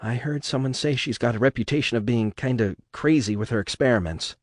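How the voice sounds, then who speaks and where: A man's voice: medium pitch, brisk, dry recording, clean studio sound, close to an everyday voice. A man voicing a nervous young pregnant woman who questions her doctors anxiously.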